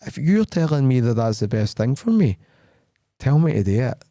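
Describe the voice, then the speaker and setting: A man's voice: medium pitch, moderate pace, no room sound, studio quality. A man hosting a podcast in casual chat, telling stories bluntly and acting out the dialogue. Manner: animated storytelling, acting out quoted dialogue; blunt, plain-spoken. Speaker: podcast host.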